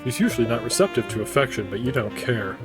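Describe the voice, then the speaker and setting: Lively male streamer narrating and commenting on a story game, animated delivery over faint music. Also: medium pitch, quick pace. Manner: lively, reacts aloud, swears casually. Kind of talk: reading a story game aloud with live commentary.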